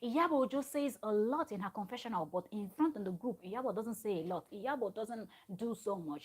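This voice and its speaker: Husky-voiced woman recapping a show. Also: medium pitch, expressive, a little fast, poor audio. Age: adult parent of a small child. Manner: chatty, rambling, many fillers and restarts. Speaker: host recapping a reality show. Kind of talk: casual recap chat. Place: home.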